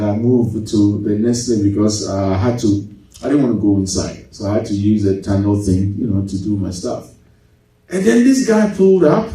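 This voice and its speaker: A man preaching a sermon as pastor, lively, going from loud to hushed and laughing as he tells stories. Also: medium pitch. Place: church. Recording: echoey church hall, mic at a distance.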